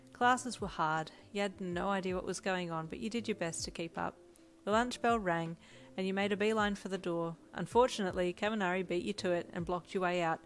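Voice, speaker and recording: Woman reading a second-person story. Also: lowish voice. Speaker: fanfiction reader. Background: faint music.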